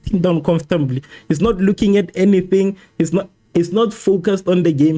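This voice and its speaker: A man's voice: high-pitched, normal speed, mellow, soft background music. A man hosting a live football watchalong, reacting to the match and arguing with viewers in the chat while repeating himself. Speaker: livestream host.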